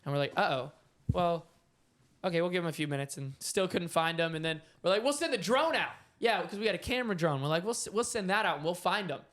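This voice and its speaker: High-voiced young man, relaxed chat. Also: fast talker. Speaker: podcast co-host. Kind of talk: casual storytelling.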